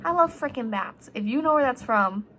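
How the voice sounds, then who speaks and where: A woman's voice: high voice, animated, normal speed, sharp tone, a little hiss or hum. A teenage girl chatting casually in a jokey, rambling way. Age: teens. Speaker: high school student vlogger. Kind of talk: casual vlog chat.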